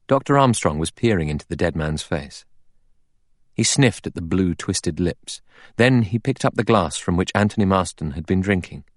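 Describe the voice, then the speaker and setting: A man narrating an audiobook in a measured, steady reading. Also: deep voice, dry recording, studio quality. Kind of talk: scripted narration.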